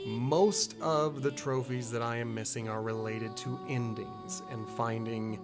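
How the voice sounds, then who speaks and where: A man's voice: medium pitch, steady tone, a little slow, loud music behind the voice. Chatty male game streamer. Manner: chatty, thinking aloud. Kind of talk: casual live-stream commentary.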